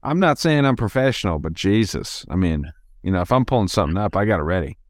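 A man's voice: sits low, animated, fast talker, no echo, clean studio sound. A man hosting a casual group chat over a video call, laid-back and profane.

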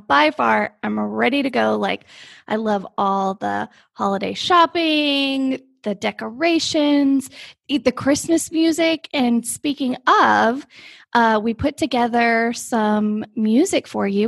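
Gravelly, bubbly woman co-host. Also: fairly high pitch, no room sound, studio quality. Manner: bubbly, gushing, lots of "like". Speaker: podcast co-host. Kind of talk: casual chat.

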